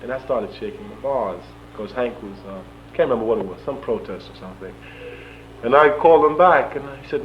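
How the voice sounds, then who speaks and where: A young man in an interview, recounting events in an animated way, chuckling often and acting out the dialogue. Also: medium pitch, fast. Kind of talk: storytelling in an interview. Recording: dull lo-fi archival tape with faint hum.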